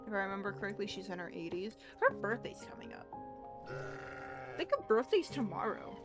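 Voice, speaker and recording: Young woman streamer rambling candidly, mid pitch, quiet music behind. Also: very animated, moderate pace. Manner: candid, rambling, frequent restarts. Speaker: livestreamer. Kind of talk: casual chat.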